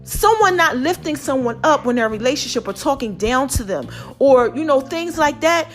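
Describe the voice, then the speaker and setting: A middle-aged woman hosts her own podcast, delivering a passionate, preachy motivational monologue directly to her listeners. She speaks briskly and expressively in a high voice, with soft music playing in the background.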